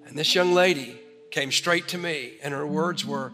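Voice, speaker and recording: A man with a high, bright, forceful voice preaches to his congregation and tells a story with animated energy. His voice rings through a large church hall with a long reverb. Soft instrumental music plays faintly underneath. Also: moderate pace. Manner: storytelling, animated, ends in prayer. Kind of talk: sermon. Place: church sanctuary.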